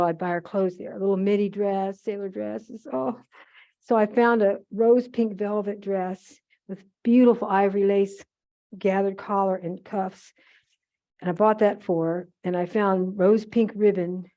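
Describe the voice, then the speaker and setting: Rambling older woman with a mellow voice. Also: medium pitch, highs cut off. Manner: rambling, fond, frequent asides and self-corrections. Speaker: guest speaker at a museum holiday event. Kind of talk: chatty anecdotal talk to an audience.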